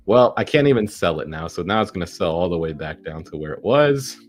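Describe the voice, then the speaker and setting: Deep-voiced man narrating his stock trades. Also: moderate pace, soft background music. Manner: excitable, swearing, talks to the chart. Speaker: day-trading vlogger. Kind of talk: casual live trading commentary.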